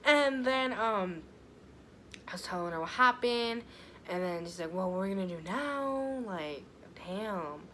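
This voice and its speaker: A woman's voice: medium pitch, lively intonation, measured pace, a bit bright, a little hiss or hum. A young woman telling a storytime vlog in a chatty, casual way, full of fillers and swearing. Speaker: vlogger.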